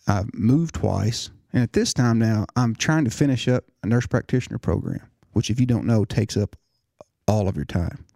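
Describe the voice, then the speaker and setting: A man's voice: on the low side, normal speed, vocal fry, warm tone, no echo, clean studio sound. A middle-aged man giving an earnest personal testimony, often restarting his words. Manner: earnest storytelling with repeated restarts. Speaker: nurse practitioner telling his story.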